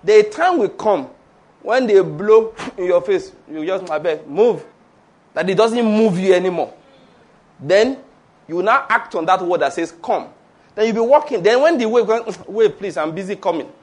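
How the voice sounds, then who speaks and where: A man's voice: high-pitched, normal speed. A man preaching a sermon, laughing between points and calling on the congregation to repeat after him. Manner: animated, laughing asides, call-and-response with congregation. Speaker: pastor.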